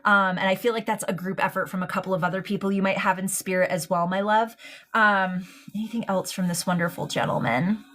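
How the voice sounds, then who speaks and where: A woman's voice: medium pitch, steady tone, fairly quick, a bit bright. A woman giving a live-streamed mediumship reading, affectionate and hesitant, full of ums and likes. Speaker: psychic medium.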